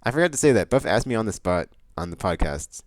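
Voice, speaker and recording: A man with a low, deep voice rambles through his monthly vlog. He is casual and full of fillers, breaks into excited bursts, and is recorded dry and close. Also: fast, no echo. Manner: loose, rambling, many fillers and restarts; excitable outbursts about upcoming games. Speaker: vlog host.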